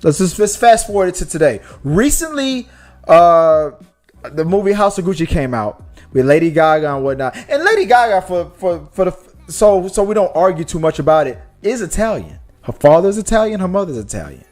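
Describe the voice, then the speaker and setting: A man hosting a casual movie podcast, talking in an animated way with many restarts. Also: high voice, normal speed, faint music behind. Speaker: podcast host.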